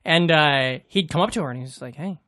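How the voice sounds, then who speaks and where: A man co-hosting a comedy podcast, telling stories in a loose, animated way and swearing freely. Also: on the high side, fast talker. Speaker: podcast co-host. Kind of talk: casual comedy chat.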